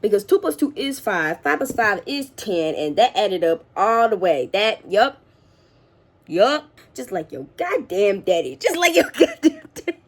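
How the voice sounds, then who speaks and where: A woman in her twenties giving blunt, expressive reactions in a casual reading vlog. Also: mid-range voice, unhurried. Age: 20s. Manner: candid, blunt and expressive, with slangy asides. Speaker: book vlogger.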